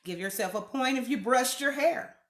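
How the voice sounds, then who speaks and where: Laughing a lot and calling out viewers by name, a woman runs a relaxed live stream from her home. She talks at normal speed in a fairly bright, higher-pitched voice, and the recording carries the echo of the room.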